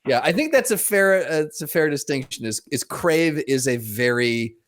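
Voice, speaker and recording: A man's voice: on the high side, expressive. Wry male co-host over background noise. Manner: wry, throws in quick jokes. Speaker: podcast co-host. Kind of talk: casual comedic chat.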